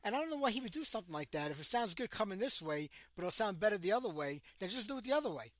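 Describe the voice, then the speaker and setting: A man's voice: high-pitched, very animated, very fast, a bit bright, dry recording. A man hosting a radio interview, chatty and jokey with his guest. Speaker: radio show host. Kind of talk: casual interview.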